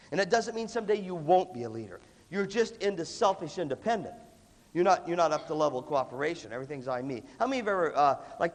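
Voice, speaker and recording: A man giving an animated motivational leadership talk to music students, emphatic and punchy, with a cough that breaks in now and then. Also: fairly high pitch. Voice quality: lively, emphatic delivery with repeated punchy phrases. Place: large hall with an audience. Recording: long reverb of a large hall.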